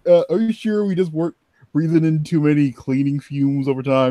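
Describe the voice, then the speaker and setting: A man's voice: mid-range voice, a little fast, mellow, no echo. A man playing a tabletop game in character, stammering nervously. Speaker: player.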